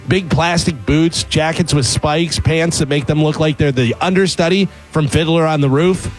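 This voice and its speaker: A man's voice: on the high side, rough recording. Sarcastic man ranting in a comic open letter. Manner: sarcastic, exasperated delivery. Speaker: comedy segment presenter. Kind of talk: scripted comic rant.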